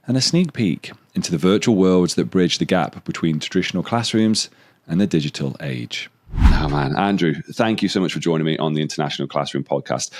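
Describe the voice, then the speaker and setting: A man's voice: low voice, darkish tone. A man hosting an interview podcast, chatting casually with friendly, joking banter over a video call. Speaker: podcast host.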